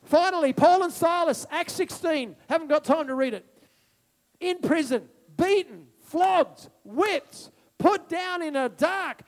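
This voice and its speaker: A man preaching a sermon, moving between quiet reflection and loud, repeated declarations. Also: very high voice, unhurried. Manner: impassioned, swinging from soft to loud declarations; repeats phrases for emphasis.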